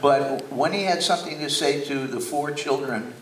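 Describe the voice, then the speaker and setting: An older man telling stories slowly on stage, with many hesitations. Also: mid-range voice, distant mic, slight background noise. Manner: slow, anecdotal, hesitant. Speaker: guest speaker. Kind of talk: on-stage conversation. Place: theater stage before an audience. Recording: roomy hall, mic from afar.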